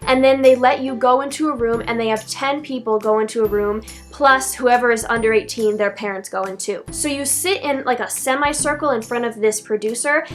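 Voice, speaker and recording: A woman's voice: fairly high pitch, a little fast, hardly any pauses, faint music behind. A teenage girl talking through an advice vlog in a chatty, rambling way, full of "like" and self-corrections. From Philadelphia area, USA. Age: teens. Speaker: vlogger.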